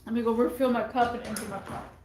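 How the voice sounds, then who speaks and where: A woman's voice: a little high, steady tone, fast talker, darkish tone, slight background noise. A woman vlogger talking casually to her viewers in a rambling way, often repeating her phrases. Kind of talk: casual talk to camera. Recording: echoey room.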